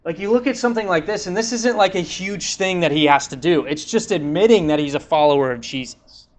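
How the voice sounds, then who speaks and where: A man's voice: high voice, a little fast. A young man preaching a sermon, retelling a scripture story in a casual, conversational way and acting out the quotes.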